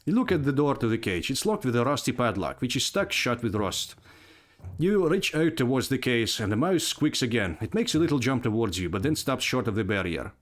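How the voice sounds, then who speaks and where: A man's voice: mid-range voice, very animated, a little fast. A man reading aloud a text adventure game as a story, with casual asides. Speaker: player narrating a text adventure.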